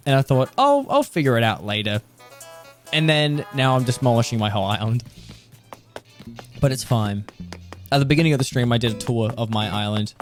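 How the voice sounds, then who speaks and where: A man's voice: medium pitch, a little fast, long pauses. A man streaming a game, chatting casually in a rambling way and laughing often. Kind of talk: casual chat while playing. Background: background music.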